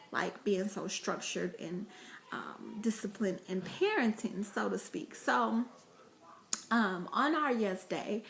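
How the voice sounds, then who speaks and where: A woman's voice: fairly high pitch, a bit bright. A woman vlogging about parenting, telling chatty stories to camera with laughter and fillers. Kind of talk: casual vlog talk to camera.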